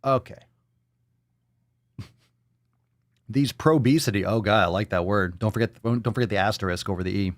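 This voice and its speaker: A man's voice: fairly low pitch, normal speed, long pauses, dry recording, studio quality. A man hosting a fitness podcast, ranting in a profane, sarcastic and exasperated way. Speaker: podcast host.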